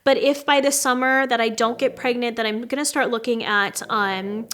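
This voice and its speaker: A woman's voice: fairly high pitch, steady tone, normal speed, a bit bright. A woman in her late thirties, a beauty vlogger giving a casual, heartfelt personal update straight to her viewers. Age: 30s. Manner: heartfelt, chatty, addresses viewers as "you guys". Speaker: beauty vlogger and brand owner.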